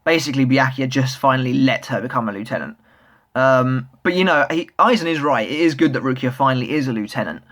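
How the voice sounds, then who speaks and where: A man's voice: medium pitch, fast, fairly bright tone. A young man reviewing a manga chapter in a casual, rambling way, full of fillers and restarts, speaking as an eager fan. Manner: enthusiastic fan.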